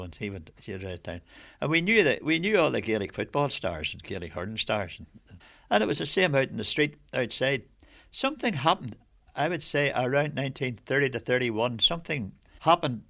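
An older man from Northern Ireland, reminiscing in an interview in a reflective, measured way. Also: medium pitch, vocal fry, pushed and bright.

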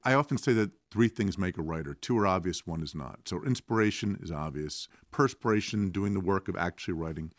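A man's voice: low voice, a little fast, few pauses, no echo. Joky self-mocking guy in an interview, voice jumps all over, dry mic. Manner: animated, joking, self-mocking. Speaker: novelist guest. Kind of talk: casual interview.

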